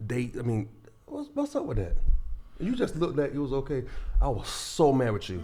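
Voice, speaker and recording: A man's voice: mid-range voice, huge pitch swings, normal speed, mellow. A man on a live talk show, ranting heatedly about being angry and laughing through it. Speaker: show regular, co-host friend.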